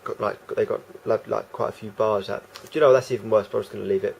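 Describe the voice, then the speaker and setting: Man, gravelly voice, lowish pitch, hesitant rambling vlog talk, faint background hiss. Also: steady tone, fast talker. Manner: hesitant, full of restarts and fillers. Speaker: vlogger. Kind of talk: rambling casual monologue.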